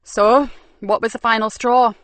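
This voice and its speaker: A woman's voice: fairly high pitch, flat delivery, unhurried, a bit bright, no room sound, pitched above the performer's own voice. A woman voicing a tough, sardonic woman detective inspector in an audiobook. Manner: sardonic, defiant.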